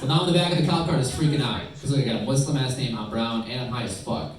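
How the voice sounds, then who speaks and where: A young man from upstate New York doing a stand-up set with crowd work, trading quick asides and acting out other voices, on a comedy club stage. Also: mid-range voice, distant mic. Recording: echoey club heard from afar, noisy.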